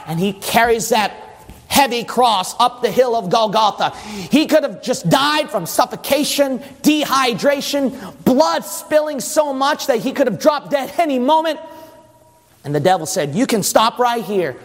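A male preacher gives an impassioned sermon in a church hall. He tells the story dramatically in a very high, lively voice. Every phrase rings out in a long hall reverb. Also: measured pace. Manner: dramatic storytelling, rising into shouting.

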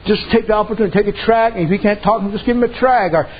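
A man's voice: high voice, racing, slightly rough, lo-fi sound. A man preaching a sermon, telling folksy stories and dropping frequent amens.

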